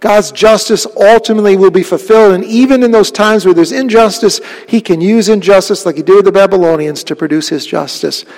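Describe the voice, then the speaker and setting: A man preaching a sermon in a church. He talks earnestly and conversationally, asks the congregation questions, and often drops to a soft, low voice. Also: fairly quick, few pauses, big-room sound. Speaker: pastor.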